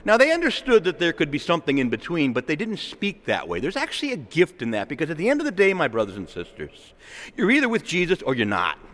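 A man preaching a sermon in a conversational, animated way, often acting out the voices of the people he quotes. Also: on the high side, fast talker. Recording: long reverb of a large hall.

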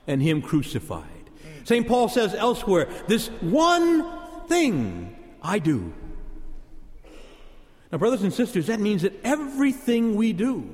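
A man preaching a sermon as pastor, emphatic and repeating key words for punch. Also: high voice. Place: church. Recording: long church reverb.

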